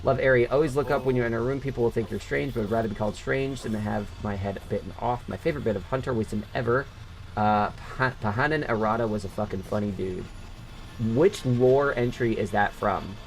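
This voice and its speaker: A man's voice: medium pitch, fairly quick, slight background noise. A man streaming a video game, chatting casually and swearing freely with friends and viewers. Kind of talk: casual live-stream chat while gaming.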